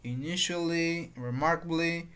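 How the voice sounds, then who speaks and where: Slow teacher. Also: medium pitch, fairly bright tone, clear, resonant tone. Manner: repeats patterns, explains with examples. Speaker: English teacher. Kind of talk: grammar lesson.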